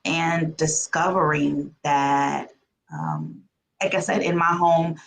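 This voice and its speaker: A woman on a panel giving advice slowly and emphatically in short phrases. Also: low-pitched, very animated, vocal fry, slight background noise, rough recording.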